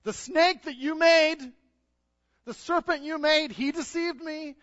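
A man preacher voicing a woman who defensively shifts the blame in a high, drawn-out voice. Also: fairly bright tone, long reverb tail. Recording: dull lo-fi sound.

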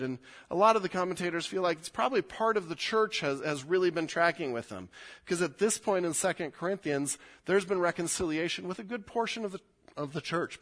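A man, a pastor, preaching a verse-by-verse sermon, often climbing high and loud as he explains. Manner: animated, rises sharply in pitch and volume when explaining.

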